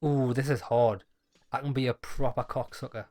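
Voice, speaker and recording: A man's voice: mid-range voice, fairly even intonation, normal speed, dark tone, soft background music. A man playing a dialogue-heavy game, reading the lines aloud and adding wry jokes. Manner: wry, joking asides between read lines. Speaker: gaming YouTuber.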